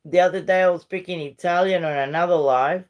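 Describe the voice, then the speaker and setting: A woman's voice: fairly low pitch, fairly quick. A middle-aged woman from Uruguay, a Spanish speaker chatting casually with viewers on a livestream. She rambles and switches between English and Spanish. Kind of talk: casual live-stream chat.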